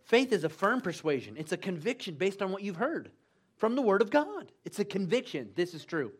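A preacher delivers an emphatic sermon in a church, urging his listeners on with repeated calls. His voice sits high for a man, and his pitch swoops up and down as he drives each point home. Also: very animated, fairly quick, breathy edge. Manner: emphatic, call-and-response, "come on now".

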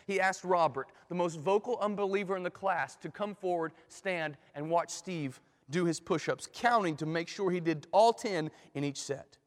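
A man telling a dramatic illustration story in a sermon, in an animated way. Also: sits high. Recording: long hall reverb.

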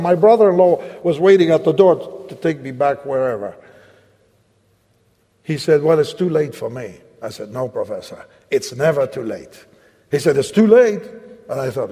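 A man preaching with a Latin American accent, telling a personal story and then slowly leading the listeners in prayer, acting out both sides of the dialogue. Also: fairly high pitch, warm tone, slightly rough. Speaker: evangelist preacher. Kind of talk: sermon with personal story and altar-call prayer. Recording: long hall reverb.

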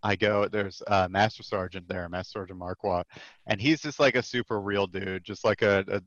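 A man in his thirties, a comic creator appearing as a podcast guest, tells a casual story full of filler words and frequent laughter. His voice sits on the low side at a normal speed, and he sounds animated. The recording is muffled, with no echo.

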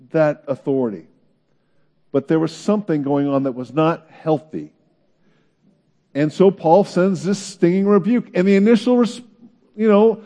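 A man's voice: fairly high pitch, warm tone. A man preaching a sermon in an earnest way, his voice climbing into pleading questions. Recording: long reverb of a large hall.

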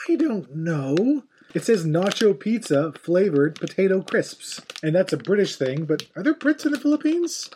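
A middle-aged man hosts a casual podcast, his voice sitting a little high and swinging widely up and down. He rambles, jokes and muses aloud over snacks, with a faint hiss behind him. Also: moderate pace. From Ireland. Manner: rambling, jokey, animated. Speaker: podcast host. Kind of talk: casual chat.

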